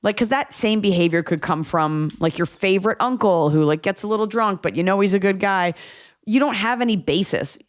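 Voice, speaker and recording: A woman with a medium-pitched voice hosts an advice podcast, chatting briskly, casually and bluntly. She's animated and acts out the voices of the people she describes.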